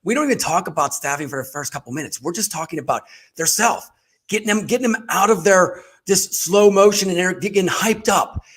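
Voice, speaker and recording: A man hosting a staffing talk show, talking in a high-energy, hyped, animated way. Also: brisk, breathy edge. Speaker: staffing company host. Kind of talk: casual podcast chat.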